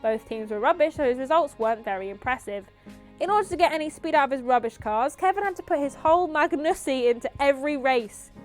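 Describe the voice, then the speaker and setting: A woman hosting a livestream, reading viewer slideshows aloud with wry, dry asides. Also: high-pitched. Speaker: livestream host.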